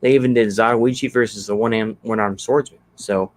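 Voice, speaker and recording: A man's voice: fairly low pitch, steady tone, a little fast. A man chatting casually on his livestream, rambling easygoing and thinking aloud with lots of fillers as he reacts to comments. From Texas. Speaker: channel host.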